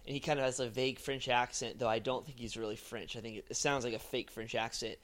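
A man's voice: medium pitch, fast talker. Rambling man retelling a movie plot. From Texas. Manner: rambling, animated retelling, lots of fillers. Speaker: podcast co-host. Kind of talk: casual movie chat.

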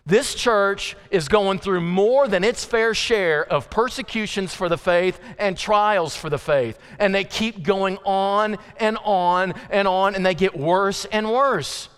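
A middle-aged man preaches in a church, his voice set high for a man and smooth and resonant. He talks in a relaxed, storytelling way and slips into acted asides. A long reverb trails his words through the hall. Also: takes it slowly, few pauses. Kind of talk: sermon. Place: church sanctuary.

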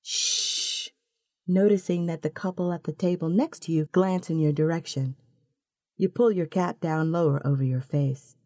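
A woman narrates a second-person story in an unhurried, intimate way. Her voice is low and mellow, recorded close in a dry booth with no room sound. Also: steady tone, no echo.

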